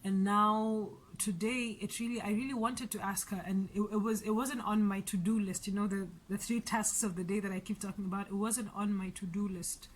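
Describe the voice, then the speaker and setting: A woman's voice: mid-range voice, fairly even intonation, moderate pace, few pauses, a little hiss or hum. A woman vlogger telling a story about her day in a chatty, rambling way, with frequent restarts and light laughs. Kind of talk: casual storytelling vlog.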